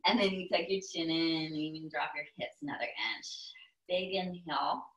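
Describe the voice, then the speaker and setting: A young woman with a Texan accent, a yoga instructor giving calm step-by-step cues with playful asides. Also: low-pitched, normal speed, dull audio. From Texas, US. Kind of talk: guided yoga class cues.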